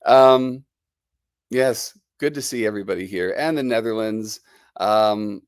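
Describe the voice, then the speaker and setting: A man's voice: fairly low pitch, a little slow, clean tone, no echo, clean studio sound. Chatty New Jersey man with a cold. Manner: chatty and rambling, greeting viewers. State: has a lingering cold. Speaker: livestream host. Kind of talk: casual live-stream chat.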